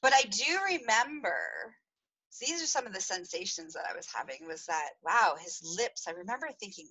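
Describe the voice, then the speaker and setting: A woman's voice: mid-range voice, very animated, moderate pace, sharp tone, breathy edge, poor audio. A woman hosting a podcast, telling a personal story in a confessional way, giggling and acting out dramatic moments. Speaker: podcast host.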